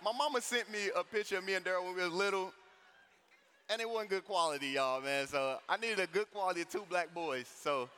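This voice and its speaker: A man in his thirties from St. Louis giving a personal testimony at a conference, telling the story in a casual, animated way with lots of slang asides. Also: high voice, a little fast, clean tone. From St. Louis, USA. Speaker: conference speaker. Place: conference hall. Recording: echoey hall reverb.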